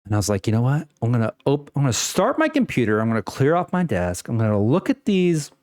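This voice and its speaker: A man's voice: mid-range voice, wildly swooping pitch, fast, darkish tone, no echo, clean studio sound. A young man ranting casually to the camera at home, rambling with many fillers and restarts and swearing freely. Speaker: vlogger. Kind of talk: unscripted personal rant.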